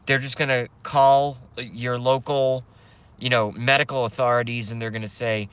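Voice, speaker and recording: Bright-voiced man ranting in his car. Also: medium pitch, level tone, moderate pace, clean tone. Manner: agitated, swearing ranter. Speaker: live streamer. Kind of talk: ranting live stream. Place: parked car.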